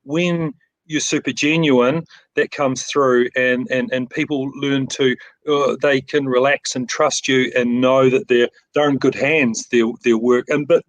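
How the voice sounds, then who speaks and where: A middle-aged man with a New Zealand accent, chatting about his framing shop over a video call. He is keen and restarts his sentences often, repeating words as he goes. His voice sits at an ordinary pitch and sounds dry and close. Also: dry recording, poor audio. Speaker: picture framing shop owner. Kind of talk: casual interview chat.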